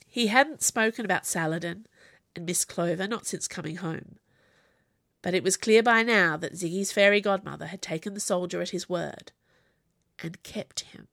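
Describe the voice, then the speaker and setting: A woman giving an even, measured scripted narration of a novel. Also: on the low side, vocal fry, no echo, studio quality. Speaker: audiobook narrator.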